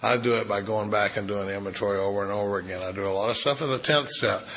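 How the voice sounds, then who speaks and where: A middle-aged man speaking as a recovery-meeting speaker, an animated storyteller who acts out dialogue and restarts his sentences. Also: fairly low pitch, fast talker, a little hiss or hum, poor audio. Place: retreat meeting room.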